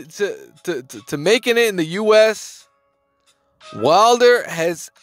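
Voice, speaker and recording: Male sports-channel host, casual emphatic delivery, high voice, dry room, faint music bed. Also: fairly bright tone, no echo. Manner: emphatic slangy talk, repeats phrases, swears. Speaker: boxing news host. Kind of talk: casual commentary to camera.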